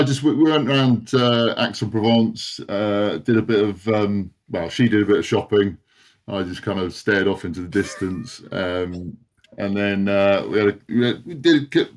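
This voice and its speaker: A man's voice: fairly low pitch, darkish tone. A man in his forties, a guest on a chat podcast, telling long self-deprecating stories and laughing often. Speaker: podcast guest, former rugby player. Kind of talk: casual anecdotal chat.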